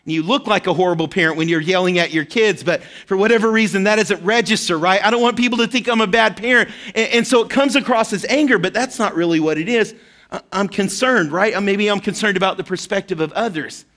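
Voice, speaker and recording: A man's voice: sits high, fast, fairly bright tone. A man, likely in his thirties, preaching a sermon in a conversational, storytelling way, often checking in with "right?". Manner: conversational, personal storytelling with frequent "right?" asides. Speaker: pastor.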